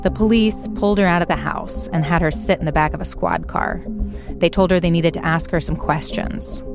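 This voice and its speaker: A woman narrating an investigative documentary in a measured, matter-of-fact way. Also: fairly low pitch, fairly even intonation, gravelly, over music. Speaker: narrator reporter.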